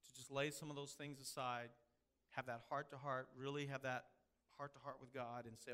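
A man's voice: medium pitch, little pitch movement, normal speed, pushed and bright, clean tone. A man preaching a sermon in a conversational way, asking the congregation questions. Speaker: pastor.

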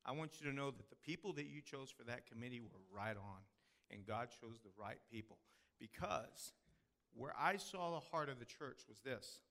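A man's voice: medium pitch, expressive, normal speed, creaky, a bit bright. A man from the Texas hill country with a Texan accent, preaching a sermon as pastor in folksy storytelling style. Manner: folksy storytelling with drawled phrases.

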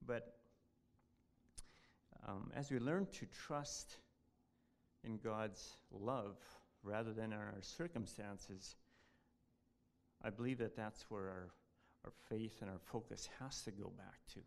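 A man giving a devotional talk at church, reading a passage aloud in an earnest, halting way. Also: fairly low pitch.

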